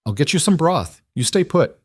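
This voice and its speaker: A man's voice: fairly high pitch, big pitch swings, normal speed, slightly rough, no room sound, clean studio sound, pitched above the performer's own voice. A man voicing a blunt older midwife. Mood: blunt, firm. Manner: blunt, commanding.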